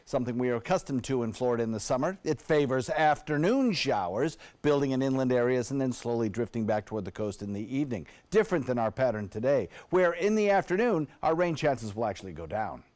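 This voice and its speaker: A male meteorologist gives the morning forecast on local TV. His delivery is steady and informative, and his voice sits in a middle range. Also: medium pitch, quick pace, hardly any pauses. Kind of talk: weather forecast.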